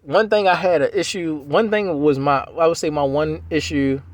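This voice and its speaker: A man's voice: on the high side, fairly even intonation, moderate pace, no echo. A man in his forties, a Navy veteran, telling his life story in a loose, rambling way with many "you know"s and restarts.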